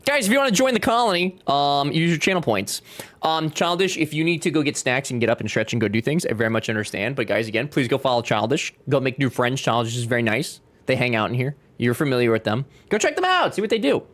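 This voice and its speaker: A man's voice: mid-range voice, fast talker, a bit bright. A young man chatting casually while streaming a game, joking and reading chat aloud. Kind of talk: casual gameplay livestream chat.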